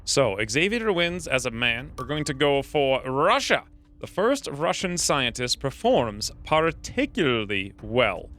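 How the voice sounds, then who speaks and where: A man's voice: mid-range voice, big pitch swings, measured pace, a bit bright, soft background music. A man hosting a let's play video, giving casual, upbeat commentary and explaining his plans as he plays. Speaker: gaming channel host.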